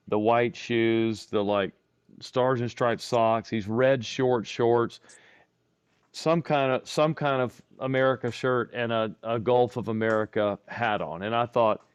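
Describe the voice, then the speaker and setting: A man's voice: lowish voice, clean tone, no echo. A man, a podcast co-host, chatting casually and rambling through a travel anecdote with chuckles. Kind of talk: casual chat.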